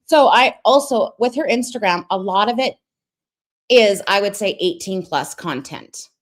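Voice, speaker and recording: A woman's voice: medium pitch, lively intonation, measured pace, slight background noise. A young woman hosting a stream, reacting to a clip with sarcastic, gossipy commentary and greeting her viewers. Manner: sarcastic and critical.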